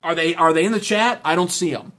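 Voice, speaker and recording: A man's voice: on the high side, fast, a bit bright. A man hosting a political livestream, reading chat and ranting in a profane, sarcastic, heated way. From United States. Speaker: political commentary streamer.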